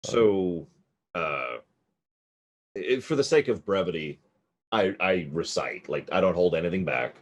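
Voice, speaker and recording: Deep, husky, animated game player. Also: male voice, measured pace, long pauses. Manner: animated and self-mocking. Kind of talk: casual tabletop game chat.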